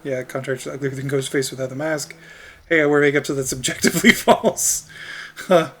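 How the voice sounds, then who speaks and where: Bright-voiced male streamer chatting over gameplay. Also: medium pitch, fairly even intonation, a little fast. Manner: rambling, laughs often, filler-heavy. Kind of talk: casual gameplay chat.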